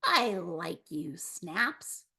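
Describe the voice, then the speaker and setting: A woman voicing a cheerful little girl duckling who speaks in a high, eager, excitable way. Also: very slow, gravelly, full character voice.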